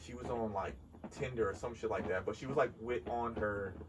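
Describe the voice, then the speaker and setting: Man, casual podcast storyteller, animated and swearing, heard from a distance, steady background noise. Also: lowish voice, a little fast. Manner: animated, laughing, swears freely. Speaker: podcast co-host.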